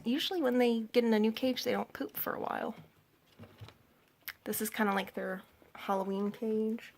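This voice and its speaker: A woman's voice: mid-range voice, steady tone, moderate pace. A young woman in her twenties, a pet vlogger chatting casually at home beside a cage, rambling with many fillers and a little out of breath. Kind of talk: casual chat. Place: indoors at home by an animal cage.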